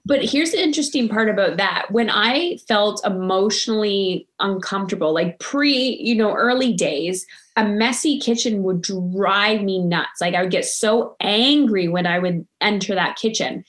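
A woman's voice: medium pitch, moderate pace, fairly bright tone. A middle-aged woman in casual conversation, talking in a loose, reflective way with lots of fillers.

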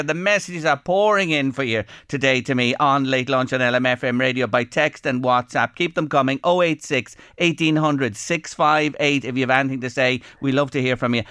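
A man's voice: medium pitch, a bit bright, smooth, dry recording, studio quality. An Irish man hosting a radio talk show, earnest and emphatic, often repeating words as he talks. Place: radio studio.

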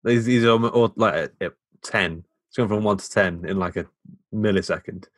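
A young man with an English Midlands accent talks easily about a film in a lowish voice. The sound is close and dry, and his delivery stays relaxed and good-humoured. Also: normal speed, no room sound. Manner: laid-back, chuckles often. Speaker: podcast co-host. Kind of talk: casual film review chat.

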